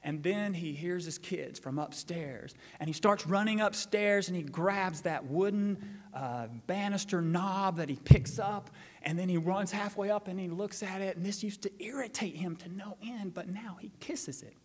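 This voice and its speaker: A man, the pastor, reading scripture, praying and retelling a story with lively acted-out quotes. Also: high voice, normal speed. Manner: animated storytelling, acting out quotes. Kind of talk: sermon with scripture reading and prayer. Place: church sanctuary. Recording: long church hall reverb.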